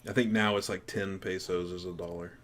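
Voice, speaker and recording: A laid-back man co-hosting a podcast, with a fairly low voice and easygoing speech. He swears casually and keeps calling people dude and bro. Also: steady tone, a little fast. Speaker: podcast co-host. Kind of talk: casual chat.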